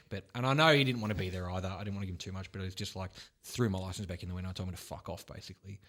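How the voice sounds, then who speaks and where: A young Australian man with an Australian accent, hosting a podcast and telling animated stories in casual chat. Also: low-pitched. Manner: fast, swearing, animated storyteller. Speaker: podcast host.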